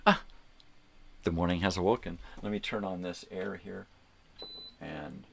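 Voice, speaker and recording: Streaming from home in the morning with a fan whirring, an older male host launches into a heated, profanity-filled rant and mocks others through impressions. His voice is low, fairly bright and touched with vocal fry, delivered a little slowly over a faint hiss or hum.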